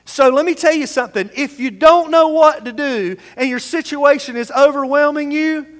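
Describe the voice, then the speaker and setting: A male pastor preaching a sermon, swinging between hushed passages and raised, emphatic calls. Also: very high-pitched, moderate pace. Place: church sanctuary. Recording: long hall reverb in a church.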